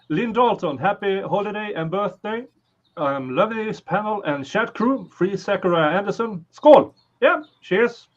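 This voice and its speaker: A man's voice: high voice, animated, lo-fi sound. A man from Sweden hosting a livestream, reading out super chats and thanking viewers in a casual way. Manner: slow, reads super chats aloud. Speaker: stream host. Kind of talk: casual chat, reading donations.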